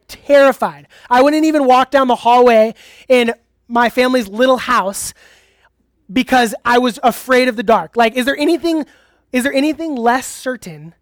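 A young man preaching a youth sermon in a casual, energetic, conversational way. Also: very high-pitched, no room sound, clean studio sound. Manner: conversational, energetic, uses "like" often. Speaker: youth pastor.

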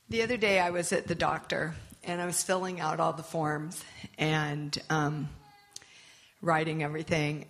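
Brief: middle-aged woman, low gravelly voice, unhurried, candid personal testimony. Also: a bit bright. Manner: candid and rueful. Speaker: speaker sharing her faith testimony.

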